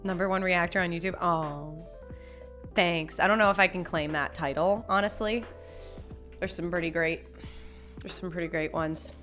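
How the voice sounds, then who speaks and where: A woman's voice: fairly low pitch, fairly even intonation, moderate pace, long pauses, fairly bright tone, soft background music. A young woman chatting casually on a live stream, reading chat messages, laughing often and talking with lots of restarts. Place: home.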